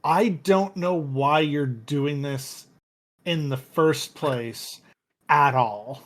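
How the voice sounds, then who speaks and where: A man's voice: fairly high pitch, drawn-out words. Skeptical man at a tabletop game. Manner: skeptical, questioning. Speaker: player. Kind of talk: in-character tabletop play.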